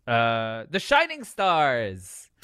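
Sweary podcast co-host, dry close sound. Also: male voice, mid-range voice, huge pitch swings, drawn-out words, bright, forceful tone, smooth, no echo. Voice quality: sweary, laughing often, trails off and restarts. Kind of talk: casual chat.

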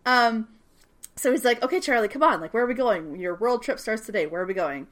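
A young woman co-hosting a casual podcast, retelling a TV episode in a lively way and acting out the characters' lines with plenty of swearing. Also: a little high, a little fast. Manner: animated storytelling, acts out characters' lines, swears and laughs often. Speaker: podcast co-host recapping a TV series. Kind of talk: casual chat.

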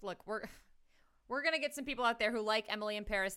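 A woman co-hosting a casual movie-review podcast, animated and laughing often, swearing casually. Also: on the high side, fast, smooth. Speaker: podcast co-host.

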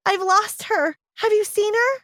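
A woman voicing a lost little girl of about four, speaking high and childlike. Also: measured pace, fairly bright tone. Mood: tearful.

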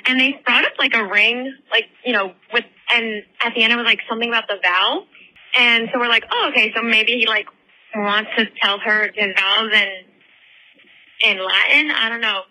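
A woman's voice: on the high side, fairly even intonation, normal speed, pushed and bright, poor audio. A woman hosting a podcast, telling a story in casual chat, full of swearing and fillers, on a headphone microphone. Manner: swears constantly, rambling with many fillers. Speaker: podcast host.

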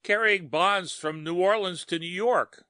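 A man doing a croaking, ruined traveler. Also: high voice, bright, forceful tone, dry recording, clean studio sound, voice pushed up. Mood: dull. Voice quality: harsh, croaking, lifeless voice. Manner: despairing, dull and slow. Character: ruined, stunned middle-aged male traveler.

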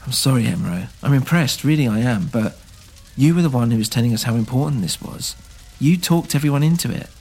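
A man's voice: mid-range voice, animated, a little fast, creaky, a little mellow, slightly rough. A man voicing a stern, pragmatic male party leader who argues firmly and insistently in a scripted audio drama. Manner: firm, insistent, clipped reasoning.

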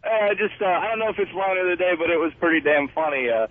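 A man calling in to a radio talk show, friendly and laughing as he talks. His voice is high, and it comes through a thin, tinny phone line. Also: expressive, fast talker. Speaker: caller.

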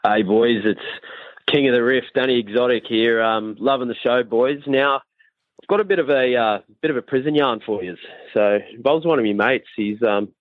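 A man's voice: medium pitch, normal speed, dry recording. An Australian man telling a sweary joke as a caller. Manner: storytelling, sweary. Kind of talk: joke told on a voicemail. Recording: tinny dry phone line.

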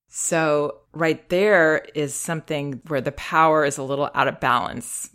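A middle-aged woman hosting a parenting advice show, speaking in a calm, unhurried, reassuring way. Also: low voice. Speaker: parenting advice podcast host. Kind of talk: advice talk.

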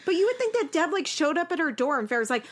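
A young woman co-hosting a casual chat recap with a lively, swooping delivery. Her voice sits fairly high. She slips into exaggerated voices when she quotes people. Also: quick pace. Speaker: podcast co-host.

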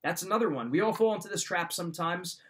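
A man with a slightly raised pitch gives motivational life advice. He talks straight at the listener like a coach and drives the same points home again and again. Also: lively intonation, quick pace, a bit bright. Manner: direct, coaching, repeats key points. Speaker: podcast host giving life advice. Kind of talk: motivational talk.

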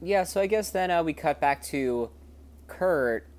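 Low-voiced woman co-hosting a podcast, lots of ums, laughs easily, casual chat. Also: expressive, a little slow, darkish tone. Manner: laughing, hesitant, lots of fillers. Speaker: podcast co-host. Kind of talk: casual chat recapping a TV episode.

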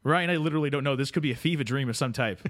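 A man's voice: medium pitch, racing, fairly bright tone, no echo, clean studio sound. A man from Canada co-hosting a podcast, joking and teasing with many fillers. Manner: jokey, teasing, full of fillers. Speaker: podcast co-host. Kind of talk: comedic podcast banter.

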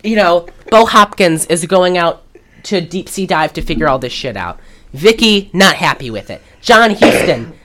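A young woman co-hosting a casual movie podcast, her voice sitting a little low for a woman. Her pitch swings widely as she recaps scenes. She slips into exaggerated voices to act out the characters' lines. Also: lively intonation, moderate pace, fairly bright tone. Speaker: podcast co-host.

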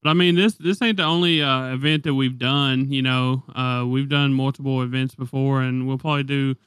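A man's voice: mid-range voice, fairly even intonation, a little fast, fairly bright tone, clear, resonant tone, no echo. A man co-hosting an anime podcast, laid-back as he promotes community events. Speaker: podcast co-host. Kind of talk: casual chat.

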